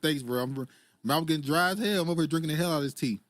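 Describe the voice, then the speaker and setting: A man's voice: on the high side, rapid-fire, a bit bright, no room sound. A man hosting a casual political commentary stream, laughing often as he reads viewer comments aloud. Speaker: host reading live chat.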